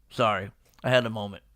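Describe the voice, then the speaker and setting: A man talking casually about a manga chapter, his voice a touch high with a gravelly edge. He retells scenes in an animated way and slips into quick impressions of the characters, laughing as he goes. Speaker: podcast host. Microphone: live stream microphone.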